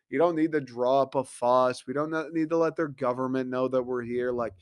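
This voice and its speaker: A young man talks on his own in a loose, rambling way, swearing often and slipping into quick voices for the people he describes. His voice sits at a middle pitch, and the recording is close and dry, with no room sound. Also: fairly even intonation, clear, resonant tone, no echo. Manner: rambling, profane, acts out voices. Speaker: podcast host. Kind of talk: casual solo commentary.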